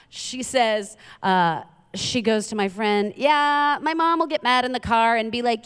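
A woman's voice: on the high side, a little slow, a bit bright, clean tone. A woman from Queens, giving a chatty, humorous sermon as a guest preacher in a church. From Queens, New York. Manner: chatty, self-mocking, humorous asides. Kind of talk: conversational sermon. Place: church sanctuary. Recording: reverberant church hall.

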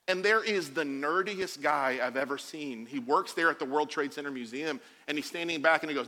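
A man in his forties preaching a sermon, animated and jokey, acting out the quotes he tells. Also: sits high, brisk, few pauses, big-room sound. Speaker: pastor.

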